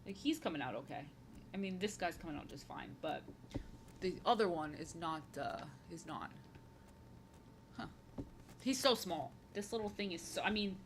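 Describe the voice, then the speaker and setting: A woman's voice: fairly low pitch, lively intonation, moderate pace, pauses often, a little hiss or hum. A woman in her thirties chatting casually while painting on a stream, rambling and repeating her own phrases, playful and prone to slipping into silly voices.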